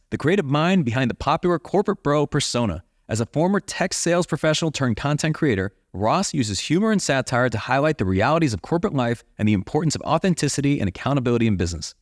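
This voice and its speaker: A man's voice: fairly high pitch, very animated, quick pace, hardly any pauses, no echo, clean studio sound. A man hosting a podcast, reading a scripted introduction of a past guest. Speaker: podcast host.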